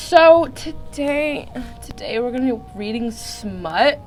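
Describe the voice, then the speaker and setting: A woman's voice: fairly high pitch, animated, slow, faint music behind, poor audio. A young woman casually reading fan fiction aloud into her phone, giggling, rambling and breaking off to comment on the text. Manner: giggly, rambling, keeps interrupting herself. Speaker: vlogger.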